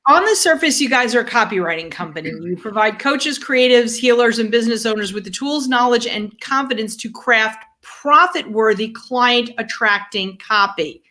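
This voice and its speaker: Woman co-host, higher voice, playful banter, slight echo on the line. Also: moderate pace, hardly any pauses, pushed and bright. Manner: playful, joking asides. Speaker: podcast co-host. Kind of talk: lively live-show introduction. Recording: slightly echoey call audio.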